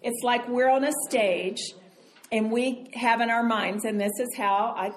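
Older female Bible teacher, animated storyteller, roomy hall sound with faint noise. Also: a little high, measured pace. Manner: animated, chatty storyteller who laughs often. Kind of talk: storytelling sermon.

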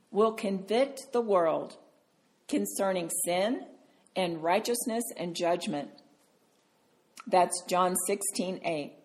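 A woman teaching a Bible study to a group, animated and tender, calling listeners sweetheart. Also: mid-range voice, vocal fry.

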